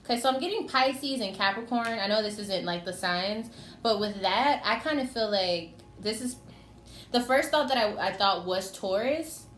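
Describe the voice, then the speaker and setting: A woman's voice: medium pitch, lively intonation, moderate pace, fairly bright tone. A woman giving a casual tarot reading, chatty and teasing, talking straight to the signs she reads for. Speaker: tarot reader. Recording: echoey room with faint noise.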